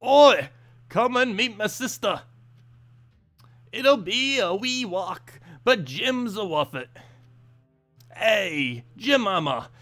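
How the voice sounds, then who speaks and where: A man doing a gruff shouty dwarf warrior. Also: sits high, lively intonation, soft background music, pitched above the performer's own voice, full character voice. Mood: boisterous. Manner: broad put-on dwarfish brogue, slow and shouty. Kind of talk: game dialogue read aloud.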